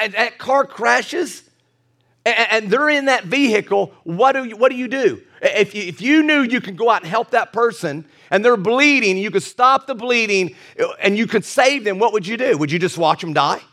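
A man's voice: sits high, fairly bright tone. A middle-aged male pastor preaching a sermon, earnest and repetitive, building to emphatic peaks and chuckling at his own asides.

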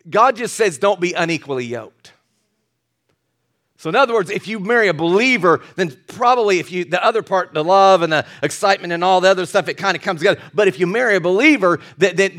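High-voiced joking older preacher. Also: male voice, lively intonation, fairly quick, a bit bright. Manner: folksy and joking, with many restarts and asides. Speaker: pastor. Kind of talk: sermon.

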